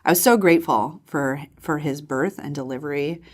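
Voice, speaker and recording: A woman's voice: low-pitched, moderate pace, a little mellow. A woman in her thirties telling a personal faith story in an earnest, reflective way as a podcast guest. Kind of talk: personal testimony in conversation.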